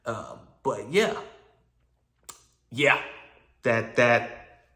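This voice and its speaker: A man tells a personal story straight to his viewers, casual and animated, acting out both sides of old conversations. His voice sits at an ordinary middle pitch. The room around him rings with a noticeable echo. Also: very slow. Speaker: vlogger telling a personal story.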